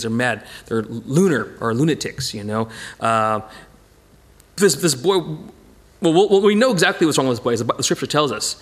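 A man's voice: on the high side, husky. A man leading an informal Bible study, talking it through conversationally with frequent restarts and emphatic bursts. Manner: animated and emphatic. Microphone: presentation with slides.

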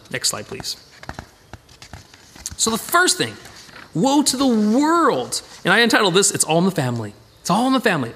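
A high-pitched, middle-aged man leads a Bible study with slides. He's animated, repeats phrases a lot, and corrects himself partway through sentences.

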